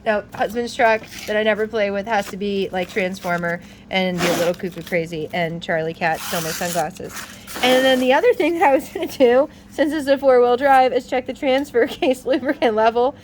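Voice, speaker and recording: Slight background noise sits under this fairly high, fairly quick voice of a woman vlogger explaining car repair. Reading the manual aloud, she stays chatty and animated, laughing a lot and making exasperated asides.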